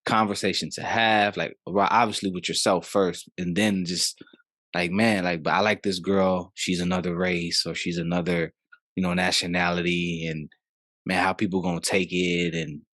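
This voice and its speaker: A man's voice: low voice, fairly bright tone, no echo. A podcast host talking casually with his guest. He gets emphatic and heated when something bothers him, and he keeps asking "you know what I'm saying?". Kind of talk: casual conversational interview.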